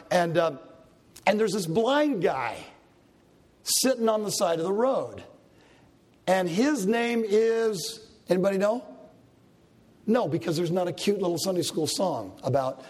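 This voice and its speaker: A male pastor tells Bible stories in his sermon with animated delivery, acting out what the characters say. His voice sits high and sounds husky.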